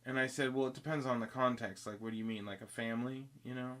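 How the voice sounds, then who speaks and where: A man's voice: mid-range voice, fairly even intonation, fast, a bit bright. A man telling a long story in casual podcast chat, rambling and restarting, acting out both sides of the conversation. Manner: rambling, self-interrupting, acts out both sides of dialogue.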